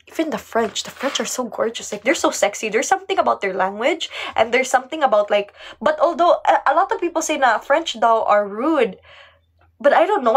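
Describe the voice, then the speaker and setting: Woman, Filipino accent, high voice, giggly, chatty live-stream talk. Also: slight background noise. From Philippines. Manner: chatty, giggly, mixing Tagalog and English. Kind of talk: casual live-stream chat reading comments.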